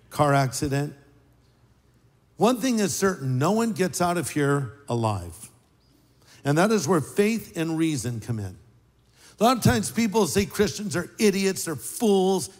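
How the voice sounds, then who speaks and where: A pastor delivers a sermon in a loose, joking, conversational way, his somewhat high voice jumping up for emphasis. The sound carries a long reverb from a large hall. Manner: conversational, joking preacher with lively pitch swings.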